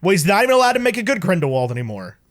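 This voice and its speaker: A man co-hosting a podcast, chatting casually about movies, animated and full of stumbling restarts. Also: high voice, racing, no room sound, clean studio sound. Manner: animated, stumbling restarts, quotes people in voices. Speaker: podcast co-host.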